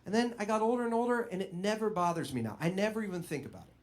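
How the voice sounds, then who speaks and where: High-voiced man doing stand-up. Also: very fast. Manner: animated storyteller, self-deprecating. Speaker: stand-up comedian. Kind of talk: stand-up comedy.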